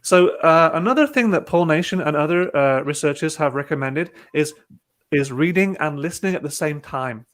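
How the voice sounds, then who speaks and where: A man presenting an online webinar, calmly talking through each click of a teaching tool step by step. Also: on the high side, normal speed. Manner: relaxed, talks through clicks step by step with fillers. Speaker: presenter demonstrating a teaching platform. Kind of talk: casual online webinar demo. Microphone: video call.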